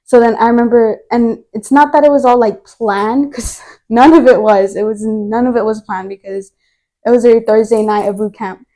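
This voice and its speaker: Young woman, faith testimony, earnest, rambling, filler-heavy, slightly high, mellow. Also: steady tone, moderate pace. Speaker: guest.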